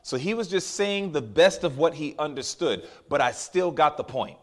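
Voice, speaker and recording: Male preacher, sermon delivery, high voice, emphatic, draws out key lines. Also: animated. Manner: emphatic, call-and-response with congregation; drawn-out stressed phrases for emphasis.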